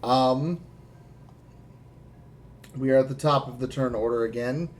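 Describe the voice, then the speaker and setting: A man narrating a tabletop role-playing game as game master, quick and dramatic. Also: medium pitch, slight background noise.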